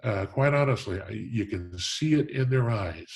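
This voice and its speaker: A man's voice: lowish voice, lively intonation, moderate pace, creaky, husky. A middle-aged man, a hall of fame president, tells stories earnestly in an interview, often restarting his sentences. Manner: earnest, warm storytelling with frequent restarts. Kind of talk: storytelling in a conversational interview.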